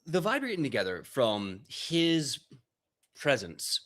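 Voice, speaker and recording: A man narrating as game master of a tabletop game, relaxed and joking. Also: mid-range voice, unhurried.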